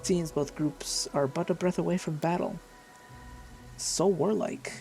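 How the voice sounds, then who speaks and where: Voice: mid-range voice, steady tone, mellow, soft background music. Chatty let's play host. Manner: chatty and amused, with quick asides. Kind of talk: casual gameplay commentary.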